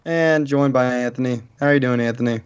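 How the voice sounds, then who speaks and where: A man's voice: mid-range voice, steady tone, fairly quick, smooth, dull audio. A man hosting a casual sports talk podcast, ranting in exasperation about his team. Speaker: podcast host.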